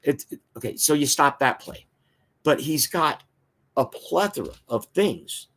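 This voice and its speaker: A man's voice: fairly high pitch, animated, unhurried, a bit bright. Opinionated male football show host. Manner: opinionated fan reading viewer comments; frequent filler words. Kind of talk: casual sports talk.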